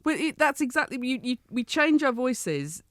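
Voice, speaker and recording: English lady scientist explaining stuff quick, little restarts, dry mic. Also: high voice, big pitch swings, a bit bright, dry recording. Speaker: neuroscientist guest. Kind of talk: explaining in a chat.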